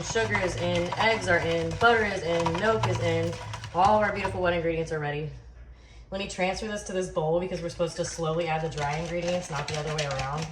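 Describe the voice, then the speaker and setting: A woman hosting a casual cooking video in her home kitchen, chatty and joking at her own expense. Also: deep voice. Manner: chatty, joking, self-deprecating. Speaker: cooking channel host. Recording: echoey kitchen, distant mic, background noise.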